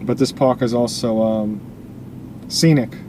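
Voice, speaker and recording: Male tour-guide driver, mid-pitch, dry-throated, rambling, recorded in a car with heavy road noise. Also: steady tone, measured pace. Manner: rambling, many fillers and restarts. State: dry, losing his voice. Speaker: real estate agent giving a driving tour. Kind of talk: casual driving-tour narration. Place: inside a moving car. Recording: loud car and air-conditioning noise.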